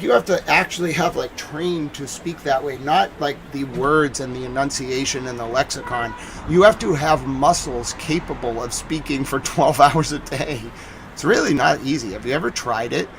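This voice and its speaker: Boston guy rambling on his news stream, lots of "like", medium pitch, bit of noise behind. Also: creaky, a bit bright, poor audio. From New England. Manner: rambling, many fillers like "like". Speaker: news livestreamer. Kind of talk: casual livestream monologue.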